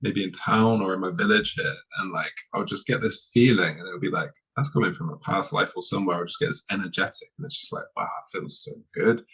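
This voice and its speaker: Male podcast host, deep husky voice, enthusiastic, rambling. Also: quick pace, few pauses, sharp tone, rough recording. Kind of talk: podcast conversation.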